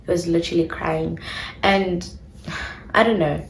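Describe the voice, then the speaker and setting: A woman's voice: on the low side, fairly even intonation, measured pace, creaky, echoey room, a little hiss or hum. A young woman with a South African accent telling a storytime to her viewers in casual chat, slipping in isiXhosa phrases. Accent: South African English. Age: young adult. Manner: chatty, addresses viewers, mixes in isiXhosa phrases. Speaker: vlogger.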